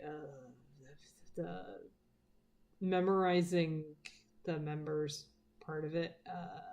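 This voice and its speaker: A woman with a medium-pitched, slightly mellow voice chats casually as she draws on a live stream. This art streamer rambles, swears freely, and often drops to a murmur while working.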